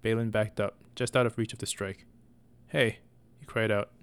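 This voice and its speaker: Low-voiced man reading a story. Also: level tone, fairly quick, clean tone. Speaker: audiobook reader. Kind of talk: storybook narration.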